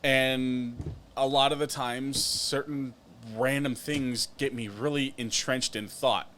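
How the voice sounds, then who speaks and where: A man's voice: mid-range voice, steady tone, slow, a bit bright, slight background noise. A man co-hosting a podcast in casual chat, joking and poking fun at himself, often trailing off into fillers. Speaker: podcast co-host.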